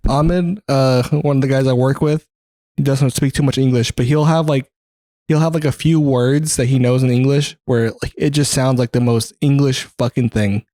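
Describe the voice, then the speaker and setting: A man's voice: mid-range voice, fairly even intonation, moderate pace, dark tone, no echo. A young man co-hosting a podcast, telling stories in casual chat, laughing often and swearing a lot. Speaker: podcast co-host.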